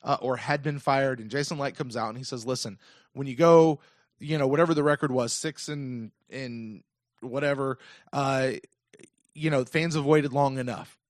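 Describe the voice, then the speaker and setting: A man in his thirties with an American accent, hosting a casual call-in sports podcast in an animated, emphatic rant. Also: mid-range voice, normal speed, no room sound, clean studio sound. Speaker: podcast host.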